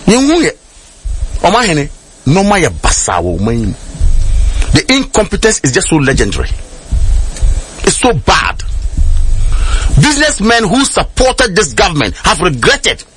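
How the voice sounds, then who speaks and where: Animated high-voiced Ghanaian man. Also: moderate pace, long pauses, soft background music. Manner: emphatic, switching between Twi and English. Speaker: political commentator. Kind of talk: radio panel discussion.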